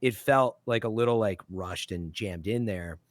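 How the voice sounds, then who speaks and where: A man's voice: lowish voice, normal speed, no room sound. A man hosting a casual podcast chat, rambling with frequent restarts and fillers. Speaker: podcast host.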